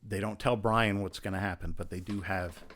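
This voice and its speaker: Guest actor, male, very deep voice, soft-spoken storyteller with a salty edge. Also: normal speed, slight background noise. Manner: soft-spoken, relaxed anecdotal delivery; profane, punchy story-telling. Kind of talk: casual storytelling interview.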